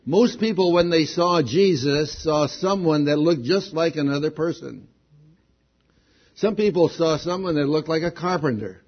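A man delivers a sermon at a slow, deliberate pace, his voice a little higher than most and husky. He builds to bursts of excitement on his main points. The recording is dull and lo-fi. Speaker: preacher.

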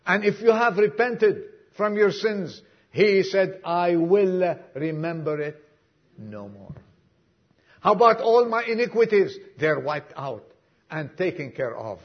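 Male pastor, husky tone, emphatic sermon delivery with acted quotes, dull recording. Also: high-pitched, animated, slow. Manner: emphatic preaching with acted-out dialogue and sudden soft drops. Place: church congregation.

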